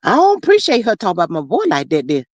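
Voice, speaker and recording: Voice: medium pitch, racing, dry recording. A live stream host reading viewer comments aloud in casual, sassy chat full of endearments. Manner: animated, sassy, drawling endearments. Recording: dull lo-fi dry audio.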